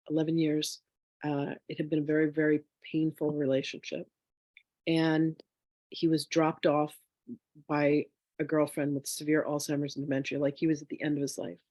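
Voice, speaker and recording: A woman's voice: low-pitched, darkish tone, no room sound. A woman teaching a spiritual class in a candid, chatty way, telling a personal story with many "you know" asides.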